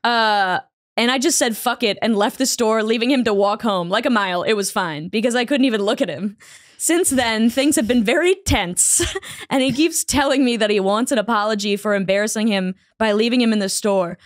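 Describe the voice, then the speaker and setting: A woman's voice: fairly high pitch, moderate pace, no echo, studio quality. A woman co-hosting a casual chat show, reading a letter aloud with frequent laughter and playful put-on voices. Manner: animated, laughs often, puts on silly voices. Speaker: podcast co-host reading a letter.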